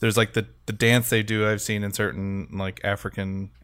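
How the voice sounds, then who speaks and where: A man's voice: fairly low pitch, level tone, moderate pace, a bit bright, smooth, dry recording. A man in a casual podcast chat who explains his view at length and slips into imitating characters when he quotes them. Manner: talkative, mimics character voices when quoting. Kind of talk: casual podcast film discussion.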